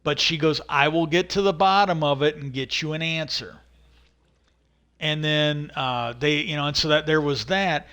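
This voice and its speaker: A man's voice: fairly high pitch, fairly bright tone. A middle-aged man hosting a livestream, telling a long, meandering story in casual chat and acting out the people he quotes. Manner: meandering, acts out quoted voices animatedly. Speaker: livestream host.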